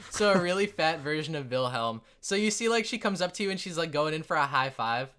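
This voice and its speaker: A man running a tabletop game, telling the scene in a rambling, laughing way. His voice is bright and forward, and it rises and falls a lot. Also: fairly high pitch, expressive, a little fast, clean tone. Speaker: game master.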